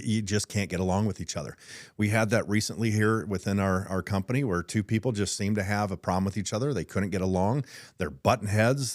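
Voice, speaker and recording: A man's voice: fairly low pitch, no room sound, clean studio sound. A middle-aged man, a business owner hosting his own show, talking frankly in a casual monologue and often repeating and restarting words.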